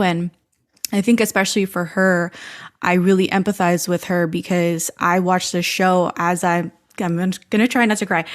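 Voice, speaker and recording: A woman hosting a podcast, chatting freely with lots of "like" fillers and acting out her own inner thoughts as quotes. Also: medium pitch. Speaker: podcast host. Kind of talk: casual podcast chat.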